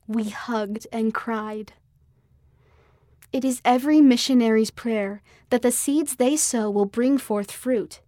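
Female narrator, fairly high voice, heartfelt first-person reading, dry studio sound. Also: takes it slowly, dark tone, no room sound. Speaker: audio magazine reader.

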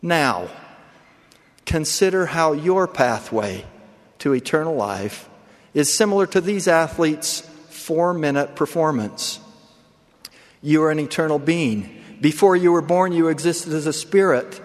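A man giving an earnest, measured sermon as a church leader, speaking with deliberate pauses. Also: fairly high pitch. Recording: long hall reverb.

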